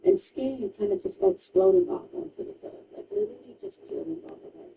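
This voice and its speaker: A woman's voice: very high voice, huge pitch swings, brisk, vocal fry, distant mic, dull audio, background noise. A woman streamer casually retelling a true crime story while gaming, emphatic and chatty, full of "like" asides.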